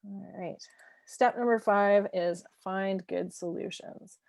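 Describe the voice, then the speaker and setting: A woman's voice: medium pitch, steady tone, slow pace, vocal fry, darkish tone, no room sound, studio quality. A woman teaching a parenting lesson in a conversational way, often checking in with "right?" and laughing lightly. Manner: laughs lightly between points. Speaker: parenting coach.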